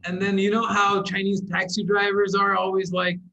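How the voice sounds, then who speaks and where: A young man as a podcast guest, telling stories in animated casual chat and laughing often. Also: high voice, normal speed, creaky, muffled recording. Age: young adult.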